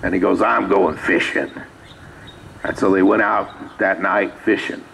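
Low-voiced man preaching casually. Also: fairly even intonation, a little slow, gravelly, a bit bright, slight background noise, poor audio. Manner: conversational, reads scripture aloud with asides. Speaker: pastor. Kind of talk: sermon. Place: small church sanctuary.

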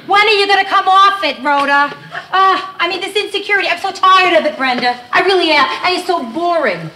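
A high-voiced, nervous young wife who cracks jokes at her own expense. She rattles along, quick-witted and self-mocking, in a 1970s TV sitcom. Studio audience laughter rolls in behind her. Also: sharp tone, a little hiss or hum. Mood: rattled. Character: anxious, wisecracking young married woman. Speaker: title character, wife.

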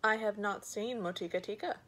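A woman's voice: mid-range voice, fairly quick, fairly bright tone, slight background noise, natural voice, low-quality recording. A woman voicing a hungry male ogre in a storybook reading, grumbling and demanding. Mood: puzzled.

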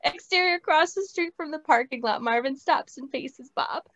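Woman reading stage directions, high voice, dry muffled lo-fi call audio. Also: moderate pace. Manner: plain, steady reading. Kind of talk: script table read. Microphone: video call.

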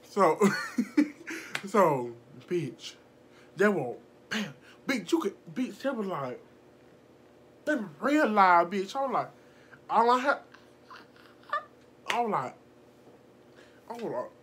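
A young woman telling a casual storytime vlog, animated and profane, laughing often and acting out the people in her story. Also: medium pitch, takes it slowly, pauses often, slight background noise. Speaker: vlogger.

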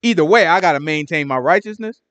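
A man leading a conversational Bible study, animated and talking, acting out prayers in hushed or loud voices. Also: on the high side, quick pace, dry recording. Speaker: Bible teacher. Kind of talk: conversational scripture teaching.

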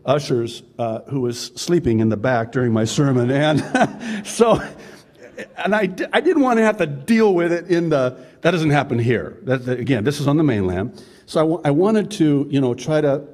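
Male pastor, animated sermon, joking asides, slightly high voice. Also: normal speed. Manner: animated, joking asides, shouts mimicked quotes.

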